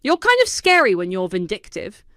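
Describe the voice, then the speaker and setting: A woman voicing a sly, amused young female friend with a wry, teasing manner, in a smooth, dry voice. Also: mid-range voice, huge pitch swings, moderate pace, a bit bright, no echo.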